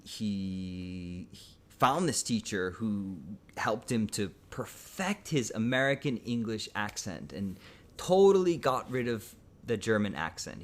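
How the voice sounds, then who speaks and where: A fairly low-voiced man giving a relaxed video English lesson. He thinks aloud as he goes and often pauses on um and uh. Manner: thoughtful, frequent um and uh fillers. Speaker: English teacher.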